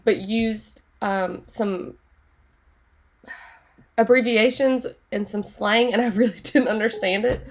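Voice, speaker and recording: Chatty high-voiced teacher woman. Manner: chatty, animated, laughs often. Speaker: Spanish teacher. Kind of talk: online class lesson.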